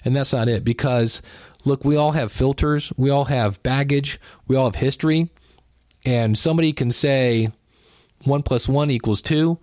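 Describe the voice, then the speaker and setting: A man's voice: mid-range voice, a little mellow, no room sound, clean studio sound. A man hosting a podcast, giving casual relationship advice in a conversational way, with joking asides and quoted lines acted out. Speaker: podcast host.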